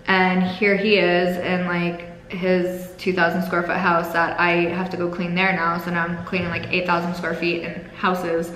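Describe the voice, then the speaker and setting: A woman's voice: fairly low pitch, completely flat delivery, unhurried, few pauses, a bit bright, slight background noise. A young adult woman candidly telling a painful personal story, swearing freely and holding back tears. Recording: echoey room with long reverb.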